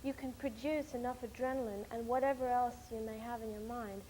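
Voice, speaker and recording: Young woman, lively rambling chat, bit high-pitched, faint hiss behind. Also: a little fast, rough recording. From United States. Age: young adult. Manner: animated, rambling storyteller with many fillers. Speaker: interviewee, documentary film-maker. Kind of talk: casual chat.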